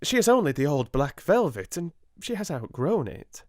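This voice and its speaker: A flustered, plump British spinster stammers in a high, wavering voice that flutters up and down, as a man puts her on. She is timid and easily frightened, forever stumbling over her words. The sound is dry and close. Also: big pitch swings, normal speed, darkish tone, no room sound. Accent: British English.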